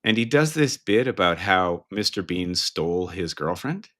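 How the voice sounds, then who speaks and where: A man co-hosting a podcast in casual chat, jumping in with questions. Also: low voice. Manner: animated, quick to jump in with questions. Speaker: podcast co-host.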